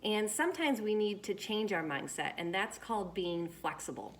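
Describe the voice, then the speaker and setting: A woman teaching children after reading a picture book, gentle and encouraging as she talks straight to them about handling disappointment. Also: mid-range voice, expressive, normal speed, slight background noise.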